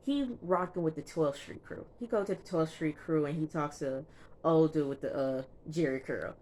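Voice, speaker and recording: This vlogger's low-pitched, darkish voice moves at a moderate pace as she casually walks her audience through a TV episode, speaking emphatically and leaning on fillers. A slight hiss or hum is audible.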